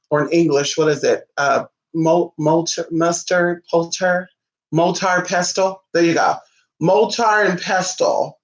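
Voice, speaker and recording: A sassy, flamboyant man with a fairly high, fairly bright voice leads a ritual tutorial on a live stream. He keeps it chatty, calling everyone honey and responding to viewer comments while the room echoes around him.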